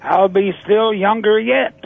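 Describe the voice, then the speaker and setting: An older man talks in an unhurried, easygoing way over a phone line, his voice high and breathy. The line sounds muffled and thin. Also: no room sound. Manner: slow, easygoing. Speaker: interview guest. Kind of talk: phone interview.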